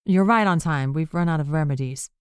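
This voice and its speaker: A woman's voice: low voice, fairly quick, smooth, no room sound, clean studio sound, natural voice. A woman narrator voicing a cheerful, giggly young woman friend.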